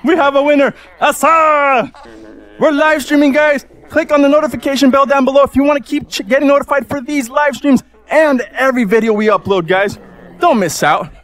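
A man hosting a live gaming stream, excitable and loud, hyping up his viewers as he plays. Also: very high-pitched, a little fast. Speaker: gaming livestream host. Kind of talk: live game commentary.

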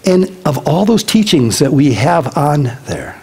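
A pastor giving a casual, chatty sermon, telling personal stories in an animated way and laughing along the way. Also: male voice, on the high side, a little slow, breathy edge, low-quality recording.

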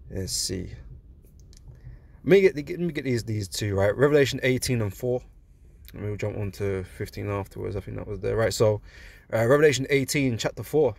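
Man, casual sermon, loose talk full of filler words, slow when reading scripture, gets animated, average pitch. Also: vocal fry. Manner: loose and conversational, peppered with "man" and "you know"; reads scripture slowly and deliberately. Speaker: religious teacher.

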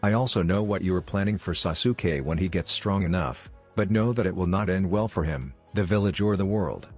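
A man's voice: sits low, a little fast, soft background music. A man voicing a brash, cocky teenage boy ninja in a read-aloud fan story, with a teasing manner.

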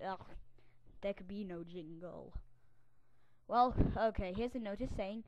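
A woman's voice: fairly low pitch, moderate pace, dry recording, dull audio. A young woman giving a casual tour of her website while screen recording, in a theatrical, self-mocking way with grumbling asides.

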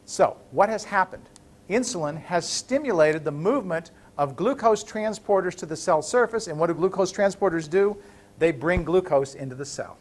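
In a classroom lecture, a male university professor speaks in a high pitch at a moderate pace. Animated and playful, he keeps interrupting the material with jokes.

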